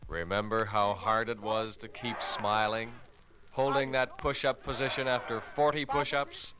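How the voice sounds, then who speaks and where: A man giving measured, wry scripted narration for a documentary. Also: mid-range voice, steady tone, noisy background. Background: music.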